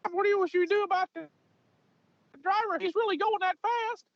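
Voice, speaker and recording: Big-man prosecutor, played by a man, high breathy lisp. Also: a little fast, dry recording, lo-fi sound. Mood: puzzled. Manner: breathy, lisping boxer-style impression.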